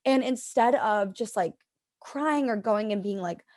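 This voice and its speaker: A woman's voice: mid-range voice, normal speed. A young woman in her twenties, a podcast guest, chatting casually and filling her talk with "like". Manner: chatty, lots of "like", talks to herself in quotes. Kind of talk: casual interview chat.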